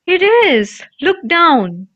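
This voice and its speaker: A woman reading aloud, voicing an excitable boy wizard who is friendly and easily awed, in an eager, exclaiming way. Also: fairly high pitch, moderate pace. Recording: dull lo-fi recording.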